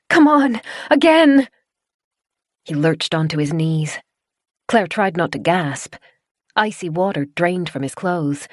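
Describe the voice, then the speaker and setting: Low-voiced woman narrating an audiobook. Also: dry recording, studio quality. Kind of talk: scripted narration of a horror novel.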